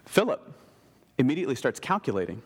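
A man preaching a sermon as a pastor, animated, slipping into casual modern voices for biblical characters. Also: mid-range voice, fast talker, husky, long reverb tail.

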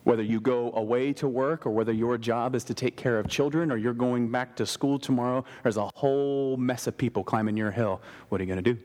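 A man preaching a sermon as a pastor, animated, slipping into casual modern voices for biblical characters. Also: mid-range voice, fairly quick, hardly any pauses, long reverb tail.

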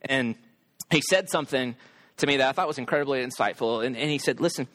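A man in his thirties telling a personal story about parenting in a casual, candid way, turning lively when he quotes himself. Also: mid-range voice, quick pace.

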